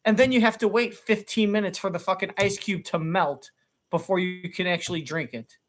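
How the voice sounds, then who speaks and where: A man's voice: high voice, fairly quick, a bit bright. A middle-aged talk show co-host in a sarcastic, exasperated comic rant, swearing as he goes.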